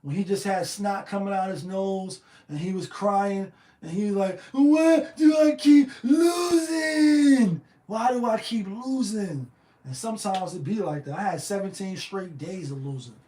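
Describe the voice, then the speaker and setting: A man hosting a casual solo show on betting picks, slangy and animated, firing off rhetorical questions. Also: a little high, reverberant, a little hiss or hum. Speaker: sports betting show host.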